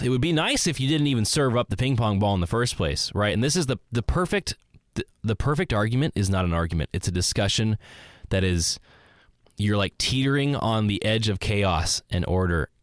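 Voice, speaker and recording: A man hosting a solo podcast, thinking out loud in a rambling way, correcting himself and acting out both sides of imagined conversations. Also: fairly low pitch, dry recording, clean studio sound. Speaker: podcast host. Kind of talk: solo reflective monologue.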